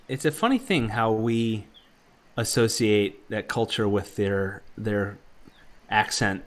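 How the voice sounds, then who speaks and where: A man co-hosting a casual group podcast, rambling through history trivia with many fillers and restarts. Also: on the low side. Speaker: podcast co-host.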